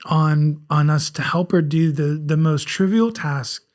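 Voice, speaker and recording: The voice belongs to a South Carolina man in his forties, a guest author with a faint Southern accent chatting candidly on a casual, restart-heavy podcast. It runs on the high side and a little mellow, at a moderate pace with few pauses, though his talk rambles and often restarts in a self-reflective way.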